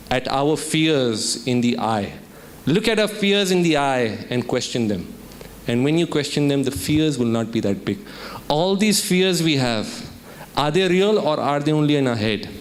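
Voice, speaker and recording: A man from India speaking as a keynote speaker at a student summit, telling a story and asking the audience questions. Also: on the high side. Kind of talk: motivational talk with storytelling. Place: lecture hall at a student summit.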